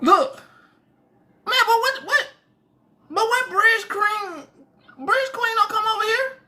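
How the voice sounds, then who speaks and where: A woman's voice: extremely high pitch, takes it slowly, sharp tone. A woman hosting a casual livestream, reacting with laughter and bewildered repeated questions. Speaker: livestream host.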